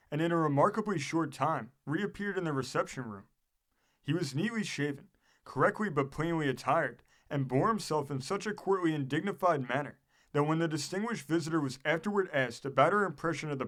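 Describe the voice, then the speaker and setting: A man narrating an audiobook of a historical book, reading in a measured, steady way. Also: on the high side.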